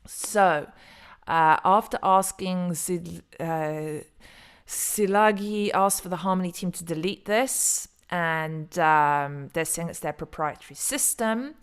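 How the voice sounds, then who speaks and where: Chatty middle-aged woman, slightly low voice. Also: slow pace, clean tone. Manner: chatty, rambling, stumbles over names. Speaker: crypto video host. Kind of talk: casual solo commentary.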